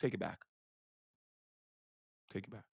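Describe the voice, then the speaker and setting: A man doing a stand-up routine, rambling and swearing, repeating himself, swinging between loud bursts and hushed asides. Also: unhurried, no room sound, studio quality. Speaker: stand-up comedian.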